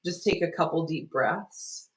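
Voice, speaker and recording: A woman leading a live online healing workshop, talking gently and loosely, with many restarts and fillers as she guides a self-care technique. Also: low voice, a little slow, rough recording. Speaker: energy healing teacher.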